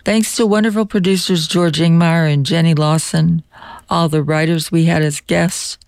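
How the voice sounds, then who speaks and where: An older woman hosting a radio book show, reading a scripted farewell monologue in a measured, reflective way. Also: lowish voice, steady tone, a little mellow, no room sound.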